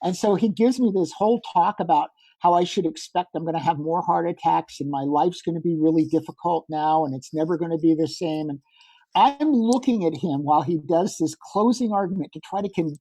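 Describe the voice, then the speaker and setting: Middle-aged man, husky voice, mellow tone, animated storyteller, dry close sound. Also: on the high side, a little fast, dry recording. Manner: animated, acts out quoted dialogue. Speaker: podcast guest. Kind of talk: conversational storytelling.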